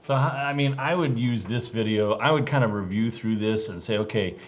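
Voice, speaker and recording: A man's voice: fairly low pitch, moderate pace, a little hiss or hum. A man co-hosting a ministry podcast, speaking earnestly and reflectively, with many fillers and restarts. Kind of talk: casual podcast discussion.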